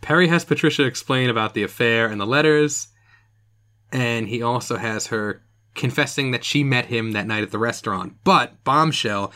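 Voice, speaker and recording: A man's voice: medium pitch, a bit bright. A man co-hosting a podcast, recapping an old TV episode in casual, jokey chat, laughing often. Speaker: podcast co-host.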